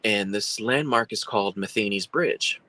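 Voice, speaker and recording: A man telling a story as a guest in a casual, animated way. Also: lowish voice, moderate pace, dry recording, low-quality recording.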